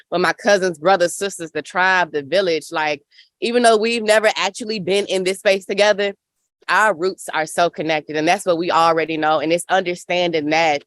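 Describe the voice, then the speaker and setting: Her pitch sits fairly low and carries a slight brightness. She's a Memphis, Tennessee native in her thirties with a Southern accent, delivering passionate panel remarks in a rhythmic, preacher-style cadence at an outdoor hoop house on a farm.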